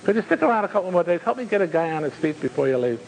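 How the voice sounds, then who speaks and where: A man's voice: sits high, big pitch swings, very fast, vocal fry, a little hiss or hum, heavily acted, low-quality recording. A man voicing a confident, plainspoken middle-aged doctor. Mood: eager.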